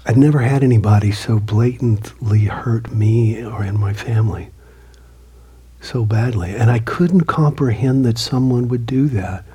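Very breathy, mellow-voiced male storyteller. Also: medium pitch, a little slow. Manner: earnest, often drops to a hushed near-whisper. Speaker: motivational speaker and author. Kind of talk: personal storytelling talk.

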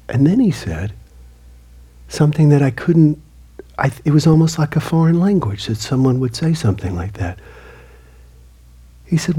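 Very breathy, mellow-voiced male storyteller. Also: on the high side, very animated, measured pace, pauses often. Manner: earnest, often drops to a hushed near-whisper. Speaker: motivational speaker and author. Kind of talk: personal storytelling talk.

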